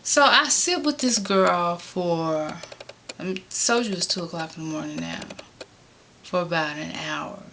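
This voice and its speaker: Animated storytelling woman, bright voice. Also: lowish voice, unhurried, a little hiss or hum. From Chicago. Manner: animated, rising sharply when exasperated. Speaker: vlogger telling a personal story. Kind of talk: casual storytelling.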